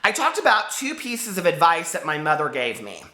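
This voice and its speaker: Squeaky high-voiced guy, 40s, bright voice, fired up and hurt, echoey room. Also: wildly swooping pitch, normal speed. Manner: impassioned and hurt, swearing. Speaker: book vlogger. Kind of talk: emotional vlog rant to camera.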